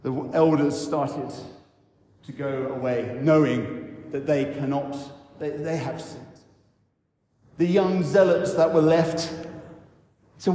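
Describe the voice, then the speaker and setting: Vicar guy preaching in a big echoey church, slow and thoughtful, slightly high voice. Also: steady tone, warm tone. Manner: reflective, storytelling with pauses. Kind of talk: sermon talk.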